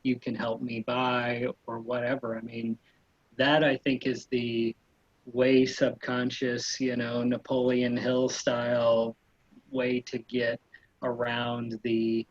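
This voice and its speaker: A man's voice: medium pitch, steady tone, takes it slowly, no room sound, lo-fi sound. A man who works as a real estate agent, chatting loosely about sales calls with lots of fillers and restarts. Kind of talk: casual panel chat giving sales tips.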